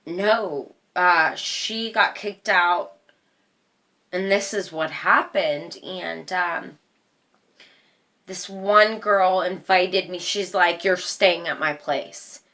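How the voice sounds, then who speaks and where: A woman slowly retelling a painful personal story in casual talk, halting often with fillers. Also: on the low side, bright, forceful tone.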